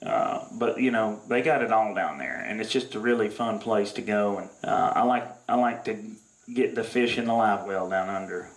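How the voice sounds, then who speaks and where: A man's voice: on the low side, normal speed. Rambling outdoorsman, roomy echo. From Louisiana. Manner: rambling, drawling, full of "uh" fillers. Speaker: self-proclaimed outdoorsman at a mock press conference. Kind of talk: deadpan comedic monologue. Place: barn. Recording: echoey room.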